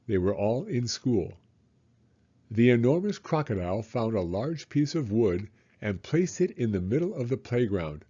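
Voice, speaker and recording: A man reading a children's story aloud, with a lively, swooping delivery. His voice is husky and mellow, and the recording sounds slightly dull. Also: mid-range voice, unhurried. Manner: expressive, dramatic.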